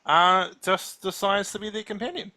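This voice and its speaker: A man co-hosting a casual podcast chat, animated, acting out quotes with laughing asides. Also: high-pitched, moderate pace. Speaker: podcast co-host.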